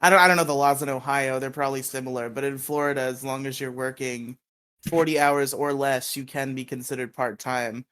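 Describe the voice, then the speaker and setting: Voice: mid-range voice, brisk, clean tone. Young podcast co-host, joking and easygoing. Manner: relaxed, joking and encouraging, with playful hype. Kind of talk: casual chat.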